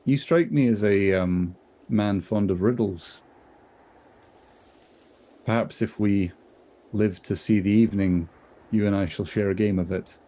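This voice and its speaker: A man's voice: on the low side, a little slow, long pauses, mellow, a little hiss or hum, natural voice. A British man voicing a curious, stubborn male dwarf adventurer in a tabletop game, asking probing, formal questions.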